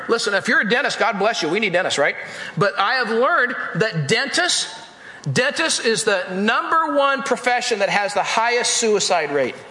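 A man's voice: high voice, sharp tone. A male pastor delivering an emphatic sermon in a church, repeating phrases and speaking straight to the congregation. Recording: echoey hall with long reverb.

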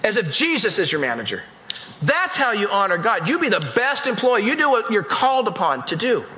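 A man's voice: high-pitched, big pitch swings, fairly quick, pushed and bright, a little hiss or hum. A male pastor delivering an emphatic sermon in a church, repeating phrases and speaking straight to the congregation. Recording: echoey hall with long reverb.

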